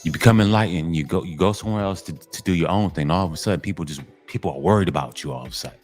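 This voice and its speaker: A man's voice: sits low, rapid-fire, a little mellow, soft background music. A man delivering a casual monologue to other men, emphatic and repetitive, in a preachy tone. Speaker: commentary channel host.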